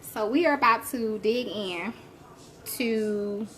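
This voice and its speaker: A woman's voice: a little high, slow, a bit bright. Chatty woman hosting a cooking stream. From Alabama, US. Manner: chatty, laughs often, answers viewer comments. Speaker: cooking show host. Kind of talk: live-stream cooking chat. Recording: faint background noise.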